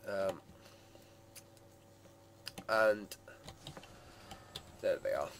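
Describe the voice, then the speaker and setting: Male gaming host, lowish voice, loose rambling live commentary, faint background hum. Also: animated, drawn-out words, creaky. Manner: rambling, hedging with many "sort of" and "like".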